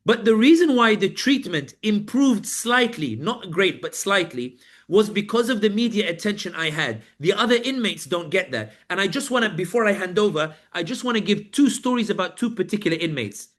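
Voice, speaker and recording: A man's voice: high voice, lively intonation, normal speed, fairly bright tone. A man, a journalist guest on a live panel, recounting his experiences as vivid storytelling, acting out the people he met in quotes. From Britain. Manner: vivid storytelling, acts out guards and inmates in quotes.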